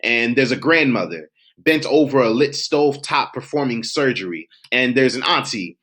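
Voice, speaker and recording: A man's voice: medium pitch, expressive, moderate pace, fairly bright tone. A man performing his own spoken word poetry for a virtual showcase, with a rhythmic, emphatic, cadenced delivery. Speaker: poet. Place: home, virtual showcase submission.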